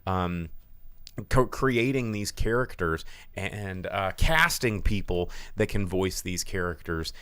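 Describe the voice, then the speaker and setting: A low-voiced man talking through a movie review in a casual chat, with a smooth, clear tone. His pitch swings widely as he rambles, restarts and fills gaps with "um" and "you know". The sound is dry and close. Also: takes it slowly, no echo. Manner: rambling, animated, many fillers and restarts. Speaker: podcast host.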